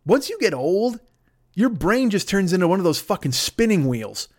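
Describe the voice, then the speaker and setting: A man's voice: high-pitched, sing-song, moderate pace, no echo, studio quality. Rambling, profane comedic man. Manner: profane, rambling, with frequent restarts; shouts bits in put-on voices. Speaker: podcast host. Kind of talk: comedic monologue.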